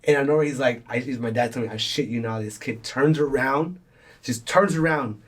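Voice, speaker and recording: Husky young man telling a story. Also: mid-range voice, normal speed. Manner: rambling, swearing, acts out quoted voices. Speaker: podcast host. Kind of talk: casual storytelling chat.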